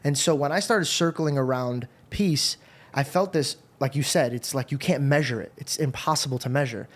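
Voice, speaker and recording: A man's voice: medium pitch, normal speed. A man hosting a podcast, telling his faith story in an earnest, rambling way. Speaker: podcast host. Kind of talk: casual faith conversation.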